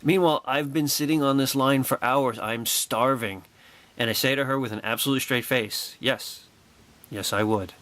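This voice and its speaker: Animated man telling a wry story. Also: medium pitch, fairly quick. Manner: animated, excitable, wry and sarcastic. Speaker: vlogger. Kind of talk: personal anecdote storytelling.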